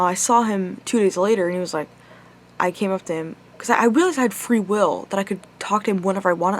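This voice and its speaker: A woman's voice: medium pitch, a little hiss or hum. A young woman telling a personal story to her camera, rambling with lots of swearing and filler words. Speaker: vlogger. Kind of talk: casual storytime monologue.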